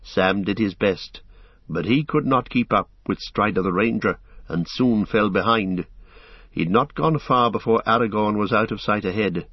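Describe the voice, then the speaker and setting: A male narrator reading a fantasy storybook aloud in a measured, steady voice. His tone is low and a little husky, recorded close and dry with a slightly dull sound. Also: no room sound.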